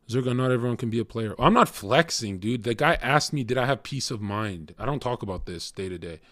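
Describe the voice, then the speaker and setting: A man's voice: medium pitch, lively intonation, normal speed, fairly bright tone, no echo, clean studio sound. A young man streaming and lecturing his chat in a crude, cocky, swearing monologue. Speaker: livestreamer talking to chat. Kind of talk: casual blunt stream monologue.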